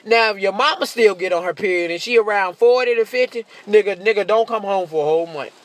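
A man doing a profane stand-up comedy monologue, brash, laughing often and slipping into shrill mocking voices. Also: fast, dry recording.

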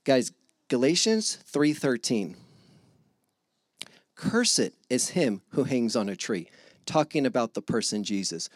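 Animated man preaching in a dry room. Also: mid-range voice, dry recording. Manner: animated, acts out God and listeners in voices. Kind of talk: casual sermon.

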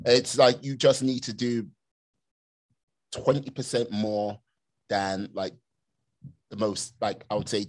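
A man's voice: lowish voice, flat delivery, takes it slowly, pauses often. Casual rambling male podcast host.

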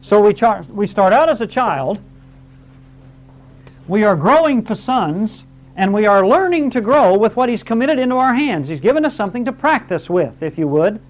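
A man's voice: high voice, big pitch swings, moderate pace. A man teaching a Bible class, explaining verse by verse, reading scripture aloud and quizzing his students. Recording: dull lo-fi recording.

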